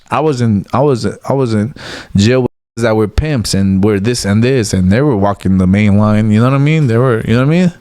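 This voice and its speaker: A man as an interview guest, talking in casual street slang, bluntly and animatedly, dropping "bro" and "like" all the time. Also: mid-range voice. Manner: animated storytelling, acts out quotes.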